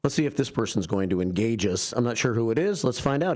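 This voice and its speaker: A man's voice: medium pitch, quick pace, few pauses, darkish tone. A man hosting a morning radio show from a studio, chatting casually with dry, self-mocking banter. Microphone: studio microphone.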